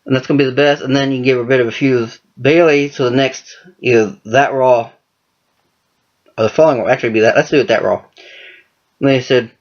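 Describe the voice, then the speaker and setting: A man's voice: mid-range voice, fairly quick. A man talking casually and profanely about wrestling storylines, rambling with lots of cursing. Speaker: wrestling fan commentator. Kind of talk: casual monologue. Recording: dull lo-fi recording.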